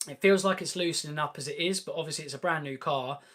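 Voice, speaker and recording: A man's voice: a little high, fast, fairly bright tone. Chatty man with a raised voice. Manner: chatty and enthusiastic, many ums and restarts. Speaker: host of a car channel live Q&A. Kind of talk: casual live-stream Q&A chat.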